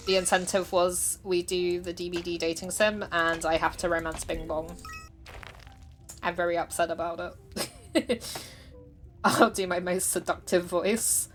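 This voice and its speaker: A woman streamer chatting casually while she plays, chatty and self-deprecating, laughing often. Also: lowish voice. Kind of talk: casual livestream chat while gaming.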